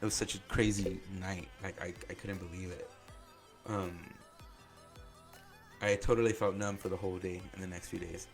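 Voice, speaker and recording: A man's voice: deep voice, steady tone, normal speed, long pauses, soft background music. A man hosting a podcast, telling a personal story in a loose conversational way, filling his speech with "like". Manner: loose conversational, heavy use of "like". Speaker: podcast host.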